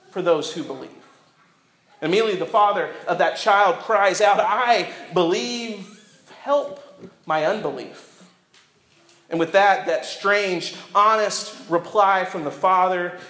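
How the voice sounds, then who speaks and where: A man with a fairly high voice delivers a sermon, earnest and reflective, leaning on dramatic pauses. His words ring out in an echoey church. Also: a bit bright. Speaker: pastor.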